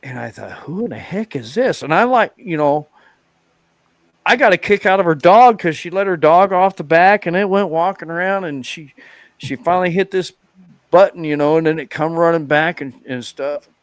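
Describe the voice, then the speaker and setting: A man's voice: fairly high pitch, moderate pace, clear, resonant tone, no room sound. A man on a live stream, telling rambling road stories in a casual chat, full of fillers and restarts. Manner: rambling storyteller, lots of "you know" fillers. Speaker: guest biker.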